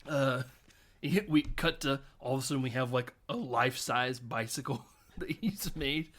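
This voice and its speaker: A man's voice: mid-range voice, moderate pace, a bit bright. A man hosting a film podcast, casually recapping a movie, laughing often and acting out quotes.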